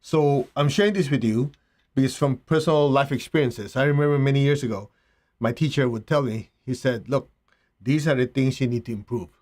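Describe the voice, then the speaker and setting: Man giving a slow spiritual talk. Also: medium pitch, a little mellow. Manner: slow, reflective, with rhetorical asides. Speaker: spiritual teacher.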